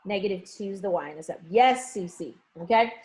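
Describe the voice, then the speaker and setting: A woman's voice: mid-range voice, animated, moderate pace, a little mellow. A woman teaching math in a live online review session, coaxing students with pet names and frequent check-ins. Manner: frequent check-ins like okay and all right.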